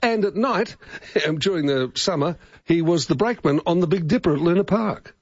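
A man's voice: fairly high pitch, expressive, moderate pace, no room sound. A man with an Australian accent co-hosting talk radio, telling chatty stories. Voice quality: husky. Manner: chatty storyteller. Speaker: radio co-host. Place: radio studio. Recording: dull, muffled broadcast sound.

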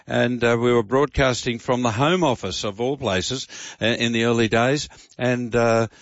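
An older man chatting on talkback radio, halting and full of "uh"s. The sound is dry and slightly dull, like studio broadcast audio. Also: medium pitch, no echo. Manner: halting, many fillers and restarts. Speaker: radio gardening show host. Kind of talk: casual talkback radio chat.

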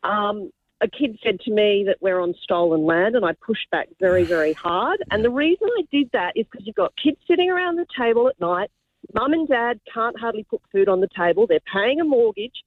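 A woman's voice: medium pitch, animated, fairly quick, no echo. Indignant Australian woman on phone line. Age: older. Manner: indignant, emphatic. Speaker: caller, casual teacher. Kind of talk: talkback call.

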